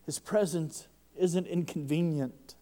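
A man preaching a sermon to a congregation, fervent, and his voice rises loud when he quotes others. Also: a little high, slow pace.

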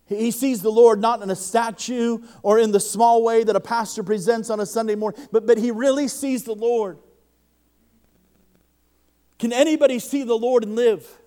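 High-voiced man preaching with fervor. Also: fairly even intonation, moderate pace, dark tone, smooth. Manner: impassioned, often doubles the first word of a sentence. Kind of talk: sermon. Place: church service before a congregation.

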